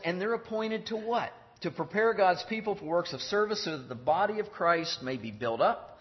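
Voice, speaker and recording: Earnest higher-voiced man preaching in a hall. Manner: earnest, deliberate, with repeated key phrases. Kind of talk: sermon. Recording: dull lo-fi sound in a reverberant hall.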